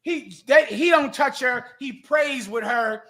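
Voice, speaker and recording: A man hosting a live talk show, mocking and animated as he rants. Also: very high-pitched, slow pace. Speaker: host. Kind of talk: heated live radio commentary.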